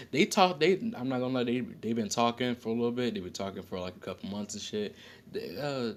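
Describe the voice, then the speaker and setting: A man's voice: medium pitch, a little fast, a little hiss or hum. A man casually telling an improvised story, rambling with slang, fillers and frequent self-corrections.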